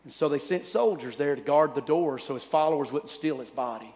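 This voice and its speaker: A man preaching a sermon, telling the story dramatically, swinging from loud to hushed. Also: fairly high pitch, a little fast, in a large hall. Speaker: pastor.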